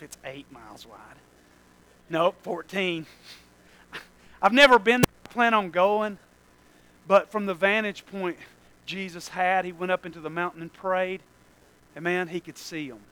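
Pastor, man, high and bright, animated, shouting one moment and murmuring the next. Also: clean tone, no room sound, low-quality recording. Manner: animated, joking asides, swings from loud exclamations to low asides. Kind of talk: sermon.

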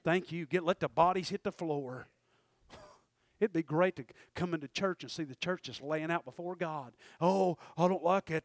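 Preacher man with a high voice. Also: no echo, clean studio sound. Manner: preaching with sudden shouted peaks and quick asides. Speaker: pastor. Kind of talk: sermon. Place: church.

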